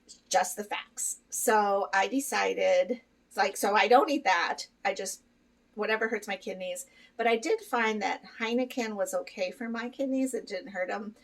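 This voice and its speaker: A middle-aged woman talks casually to her vlog audience, candid and chatty, with frequent fillers and easy laughs. Her voice sits at an average pitch and comes across a little distant from the microphone. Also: moderate pace. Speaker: vlogger. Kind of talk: casual chat to camera.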